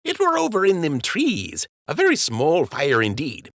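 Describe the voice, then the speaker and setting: A man's voice: a little high, huge pitch swings, normal speed, a bit bright, no echo, studio quality, voice pushed up, full character voice. A man voicing a rustic, jokey male rabbit dockworker who talks in ungrammatical country speech. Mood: folksy.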